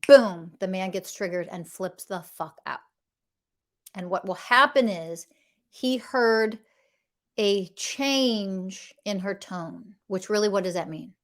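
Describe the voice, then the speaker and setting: A woman's voice: fairly high pitch, a bit bright. A middle-aged woman hosting a podcast, speaking bluntly and emphatically about emotional health and swearing freely. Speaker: podcast host.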